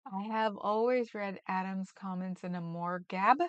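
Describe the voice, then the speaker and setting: A woman's voice: mid-range voice, unhurried, clean tone, lo-fi sound. A woman hosting a livestream, chatting casually and rambling with frequent laughs. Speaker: livestream host. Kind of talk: casual chat reading comments.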